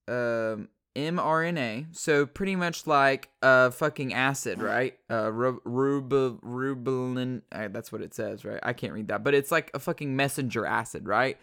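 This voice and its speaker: A man's voice: medium pitch, a bit bright, clean tone. A man ranting casually in a rambling, profane and sarcastic way, full of fillers. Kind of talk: casual unscripted rant.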